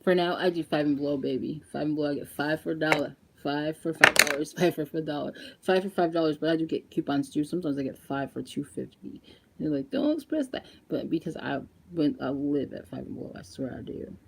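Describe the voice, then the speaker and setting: A young woman chatting casually in a makeup vlog, animated and laughing often as she talks straight to her viewers. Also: sits low, brisk, vocal fry, slightly rough. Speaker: beauty vlogger.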